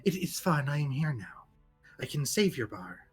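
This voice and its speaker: A tabletop player voicing a smooth-talking cleric who calls everyone dear, soft-spoken and halting. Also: mid-range voice, sing-song, soft background music. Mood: soothing.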